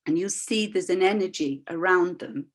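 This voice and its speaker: A woman's voice: fairly low pitch, normal speed. An older woman, a voice practitioner and workshop leader, sharing a candid, reflective personal story over a video call. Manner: expressive, acts out voices in her stories; candid, reflective, with frequent restarts.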